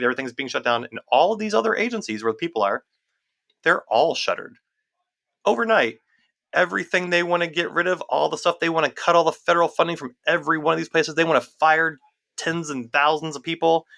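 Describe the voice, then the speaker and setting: A man talks quickly in a casual podcast chat, with a bright, forward voice that sits a little high for a man. He is animated and repeats words to drive his point home. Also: creaky. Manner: fast, animated, repeats phrases for emphasis. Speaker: podcast co-host.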